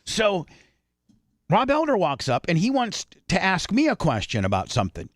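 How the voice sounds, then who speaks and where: A man's voice: sits high, moderate pace, no echo, studio quality. Rambling radio host, a man. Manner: rambling, animated storytelling with restarts. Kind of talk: casual radio talk, storytelling. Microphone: studio microphone.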